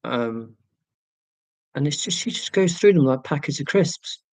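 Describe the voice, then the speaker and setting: A man's voice: on the high side, expressive, unhurried, dry recording. A man hosting a casual livestream from home, reading viewer comments in a chatty, rambling, self-deprecating way. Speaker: YouTube channel host.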